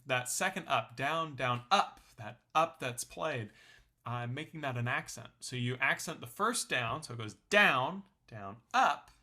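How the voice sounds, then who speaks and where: A man's voice: mid-range voice, normal speed, sharp tone. A young man teaching a ukulele lesson in a friendly, explanatory way, counting beats aloud. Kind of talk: online music lesson.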